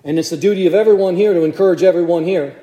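Man, preacher, sermon, mellow tone, echoey church, chatty, asks questions. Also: high voice, racing, muffled recording. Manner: conversational, asks the congregation questions.

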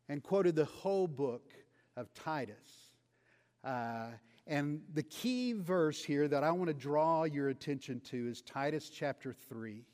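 Slow earnest preacher in a reverberant hall. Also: male voice. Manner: slow, earnest, drops to soft low tones on scripture. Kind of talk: sermon. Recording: long reverb of a large hall.

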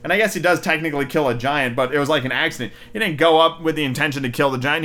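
A man's voice: medium pitch, a bit bright. A man hosting a casual podcast, reading fairy tales aloud with wry, chatty asides. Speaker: podcast host.

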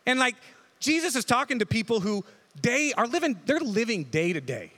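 A man's voice: extremely high pitch, sing-song, moderate pace, fairly bright tone. A man preaching a conversational sermon as pastor, who talks casually and keeps checking in with the listeners by asking "right?". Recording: long hall reverb.

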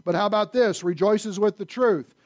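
A man with a high voice preaches in a casual, questioning way, dropping from loud emphasis to near-whispered asides. The sound is close and dry. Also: normal speed, no echo. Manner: conversational preaching with rhetorical questions. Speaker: pastor. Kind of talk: sermon.

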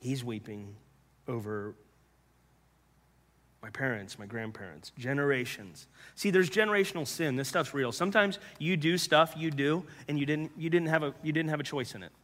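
Earnest pastor with a bright voice. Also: male voice, medium pitch. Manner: earnest, halting, repeats words, drops to hushed tones. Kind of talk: personal testimony sermon. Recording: long hall reverb.

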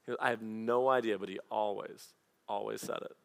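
A man preaching a sermon as pastor, telling personal stories in a lively conversational way. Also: on the low side, a little fast, gravelly. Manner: storytelling, animated and conversational.

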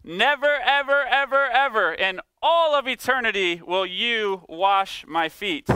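A preacher doing a blunt, protesting disciple. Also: male voice, high-pitched, animated, moderate pace, bright, forceful tone, smooth, no room sound, voice pushed up. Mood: adamant. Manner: raised, insistent protest. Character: blunt, outspoken adult male disciple protesting.

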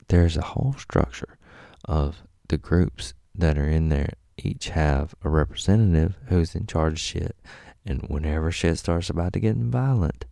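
A man casually tells a rambling, profane story, acting out its characters. His very low, gravelly voice has a dark, mellow tone, recorded close and dry with no room sound.

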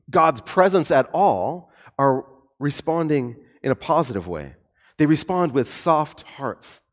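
Animated man preaching a sermon. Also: a little high. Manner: animated, conversational with light humor. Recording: long hall reverb.

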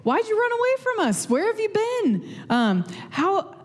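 A woman voicing a breathless crowd of followers who pant and ask questions in high, incredulous voices. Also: big pitch swings, a little slow, in a large hall, heavily acted.

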